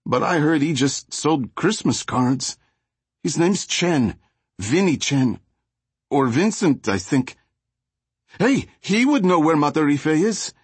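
A man doing a jittery, high-voiced young gangbanger. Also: expressive, husky, dry recording, heavily acted. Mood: nervous. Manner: pleading, fast and high-pitched. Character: panicky young male gang member, jittery.

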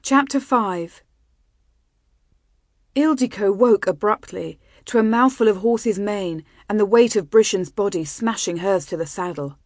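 A woman narrates a fantasy audiobook in an even, measured way. Her pitch sits in the middle range, and the recording is dry and close to the mic with no room sound. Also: no echo. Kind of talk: scripted narration.

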